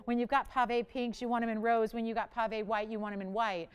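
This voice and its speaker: In a TV studio, a woman hosts a live shopping channel and pitches jewelry, chatting enthusiastically with callers and crew. Her voice is fairly high and smooth, though her delivery is flat and fairly quick.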